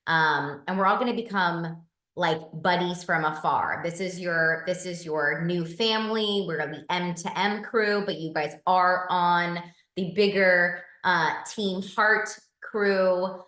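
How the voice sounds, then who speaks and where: Brief: cheerful woman team lead on a video call, lower voice, roomy echo. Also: a bit bright. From Southern California. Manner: enthusiastic, encouraging, quick bursts. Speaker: team leader hosting a group call. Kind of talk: upbeat group video call.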